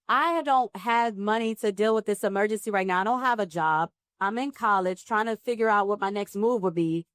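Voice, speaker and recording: A woman from New Jersey, a guest actress telling her story in a live interview, with lively acted-out dialogue. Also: on the high side, clear, resonant tone, no echo, clean studio sound. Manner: animated, acts out dialogue with laughs and exclamations. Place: live pop-up event at a film festival.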